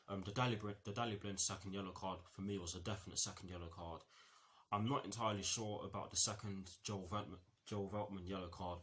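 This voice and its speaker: Slight background noise accompanies a low-voiced man with a somewhat bright tone as he talks through a football match. His review is casual and meandering, full of filler words, and he keeps starting over and correcting himself.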